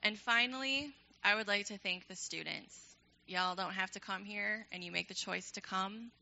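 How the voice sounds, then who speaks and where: Bright gravelly young woman. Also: medium pitch, normal speed, muffled recording. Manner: enthusiastic, chatty, often laughing. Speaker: ministry program leader. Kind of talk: casual church address. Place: church.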